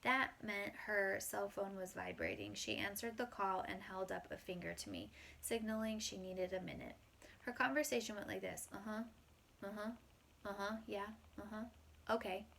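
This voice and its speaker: A woman reading a first-person children's story aloud in a plain, unhurried way. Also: medium pitch, very animated, gravelly, bright, forceful tone, a little hiss or hum. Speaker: audiobook reader.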